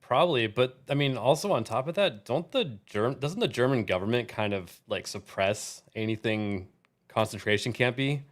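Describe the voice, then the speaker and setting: A man's voice: medium pitch, lively intonation, normal speed. Laid-back man telling anecdotes. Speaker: co-host, veteran. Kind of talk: casual chat.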